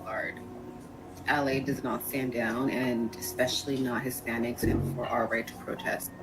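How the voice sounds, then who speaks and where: A woman with a very low, deep voice speaks defiantly and insistently. Her words come from a clip played over clearly heard music. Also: flat delivery, measured pace, low-quality recording. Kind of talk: protest clip speech.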